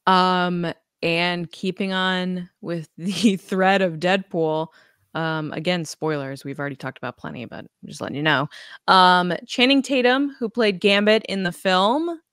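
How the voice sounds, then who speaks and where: A woman's voice: on the low side, a little slow, fairly bright tone, smooth, dry recording, clean studio sound. A woman co-hosting a podcast in casual chat, chatty and laughing often between many ums. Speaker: podcast co-host.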